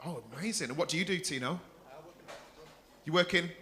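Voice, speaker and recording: Man, comedy club host, high-pitched, bright tone, teasing crowd work, swearing. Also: fairly quick, slight background noise. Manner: teasing, sweary banter with the audience.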